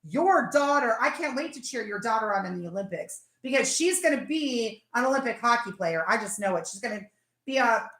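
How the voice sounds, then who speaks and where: A woman hosting a casual live chat, talking fast and laughing as she tells stories. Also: fairly high pitch, expressive, a bit bright, reverberant. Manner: chatty, laughing, tells stories with acted-out quotes. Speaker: livestream host.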